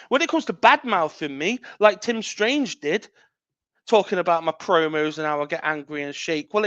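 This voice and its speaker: A man's voice: high voice, a bit bright, no room sound, highs cut off. A man, a wrestling champion cutting an angry, profane, taunting promo as a podcast guest.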